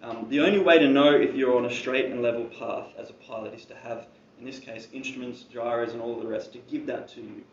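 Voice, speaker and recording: A man delivers a sermon in a church hall, keeping it conversational with casual asides. His voice sits at an ordinary pitch and sounds set back from the mic, with a dull, muffled tone. A roomy echo and a faint hum of ambience surround him. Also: fairly even intonation, brisk, hardly any pauses, distant mic. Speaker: preacher.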